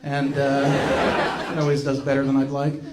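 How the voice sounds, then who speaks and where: A man's voice: mid-range voice, monotone, moderate pace, reverberant, very noisy. A man doing a self-deprecating stand-up set. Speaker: stand-up comedian.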